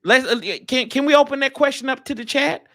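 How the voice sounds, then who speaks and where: A man trading casual, teasing trash talk about football on a live stream, with bursts of loud outrage. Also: extremely high pitch, steady tone, a little fast. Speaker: rival fan guest. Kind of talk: casual sports debate.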